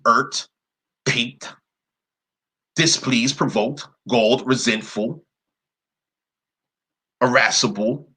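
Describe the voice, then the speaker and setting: A man's voice: medium pitch, pushed and bright, husky, rough recording. A man giving a screen-share commentary, reading long word lists aloud in a blunt manner and cursing now and then. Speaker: presenter.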